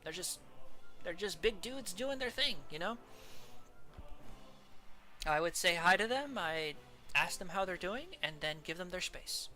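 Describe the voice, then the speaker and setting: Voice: medium pitch, animated, measured pace, long pauses, pushed and bright. A streamer chatting casually while ranking characters, laughing often and trailing off mid-sentence. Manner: giggly, rambling, trails off and restarts.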